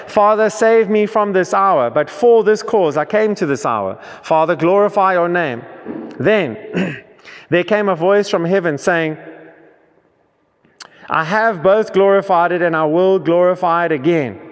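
A man's voice: high voice, measured pace, long reverb tail. A man preaching a sermon, reading scripture aloud and often repeating and restarting his words.

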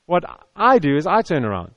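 A man's voice: a little high, huge pitch swings, a little fast, fairly bright tone, no room sound, dull audio. A man preaching a sermon to an audience, talking in a conversational, repetitive way with stammered restarts. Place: church hall with audience.

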